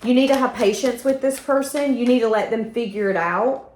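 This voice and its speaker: A woman's voice: on the high side, brisk, roomy sound, a little hiss or hum. A woman giving a tarot reading in a candid, emphatic way, now and then swearing. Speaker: tarot reader. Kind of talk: intuitive tarot reading monologue.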